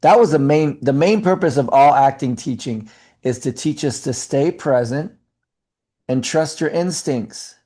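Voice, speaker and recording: A middle-aged man, an actor and acting coach, talking in a casual interview, animated and fast, with many fillers and restarts. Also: on the high side.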